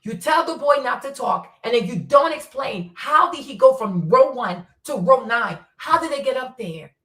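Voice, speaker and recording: Blunt and profane, this woman gives impassioned commentary packed with rhetorical questions, speaking at normal speed in a fairly high, expressive, slightly bright voice. She is recorded on a streaming setup from far away, giving a roomy sound.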